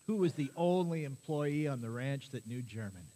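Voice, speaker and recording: A man preaching a sermon as pastor to his congregation, lively and quizzing the listeners with questions. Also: mid-range voice, moderate pace. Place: church.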